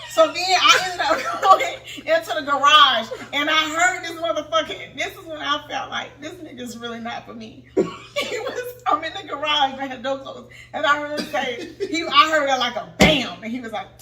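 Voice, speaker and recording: A woman co-hosting a casual podcast with a Southern US accent, telling stories in an excitable, laughing way. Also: sits high, normal speed, noisy background. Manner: excitable, laughing, animated storyteller. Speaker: podcast co-host. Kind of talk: casual chat, storytelling. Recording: roomy, mic a bit far off.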